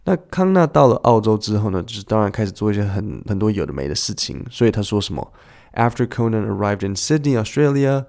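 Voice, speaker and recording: A man's voice: lowish voice, big pitch swings, fast, creaky, a little mellow. A man teaching English in a chatty, playful way, acting out short dialogues as he explains clips.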